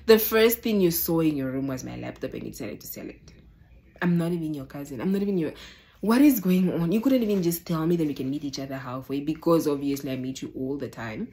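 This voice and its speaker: A young woman telling a personal story to the camera, animated and exasperated, often calling out to her viewers. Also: sits low, fast talker. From Namibia. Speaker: vlogger. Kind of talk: casual storytime.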